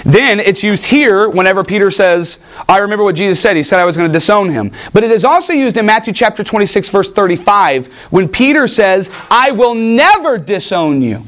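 A man leads a Bible study sermon in a fairly high voice. He keeps it lively with jokes and quick questions thrown out to his listeners. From United States. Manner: animated, jokey asides, asks the room questions. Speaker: preacher teaching a Bible study. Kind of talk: teaching sermon with audience questions.

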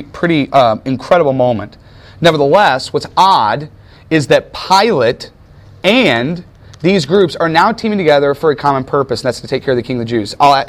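A man teaching a class, telling history as a story and putting questions to his students. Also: mid-range voice. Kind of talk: classroom lecture.

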